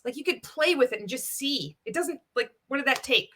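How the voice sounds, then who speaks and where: Woman, vlogger, bright tense voice, blunt, sarcastic, sweary, laughing often. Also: sits high, lively intonation, fairly quick, few pauses. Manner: laughs often between remarks. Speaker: commentary vlogger. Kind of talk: casual reaction commentary.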